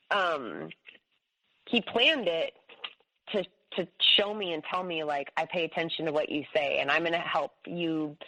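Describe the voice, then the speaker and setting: A woman's voice: lowish voice, sharp tone, rough recording. A woman, a guest on a talk show, telling her personal story in a rambling, emphatic way, full of restarts and fillers.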